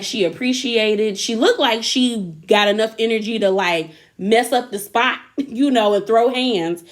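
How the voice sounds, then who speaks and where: A woman, chattily recapping a reality show and acting out the cast's lines. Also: on the high side. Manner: chatty, animated, acts out quotes with laughs. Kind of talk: casual recap commentary.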